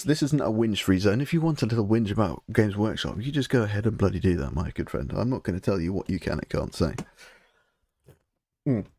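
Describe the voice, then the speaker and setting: A young British man talks casually on a hobby live stream, rambling from one point to the next and swearing freely. His voice sits on the low side. The sound is close and dry, with no room behind it. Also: vocal fry, darkish tone, no room sound. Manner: rambling, swearing, mock-grumbling, chatty. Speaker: live stream host painting miniatures.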